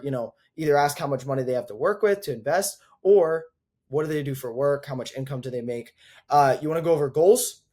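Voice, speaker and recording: A man's voice: a little high, a little mellow. A young man teaching sales calls in a casual, chatty way, full of fillers, acting out both sides of a call. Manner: casual, filler-heavy, quick asides, acts out calls. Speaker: sales coach.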